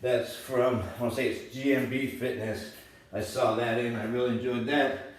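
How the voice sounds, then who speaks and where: A man's voice: mid-range voice, steady tone, moderate pace, far from the mic. A man coaching a home workout casually and encouragingly, a bit out of breath as he demonstrates each move. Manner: casual, encouraging, thinks aloud while demonstrating. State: slightly out of breath while exercising. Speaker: fitness coach. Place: indoor room, moving around in front of camera. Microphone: camera mic at a distance. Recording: very echoey room, voice off-mic.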